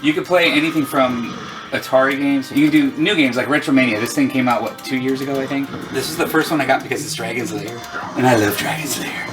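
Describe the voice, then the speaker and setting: In a home room lined with arcade cabinets, a host in his forties shows off his collection, chatting casually, enthusiastically and with a ramble, poking fun at himself along the way. He talks fast in a mid-range voice; the recording is low quality and distant, with music behind him.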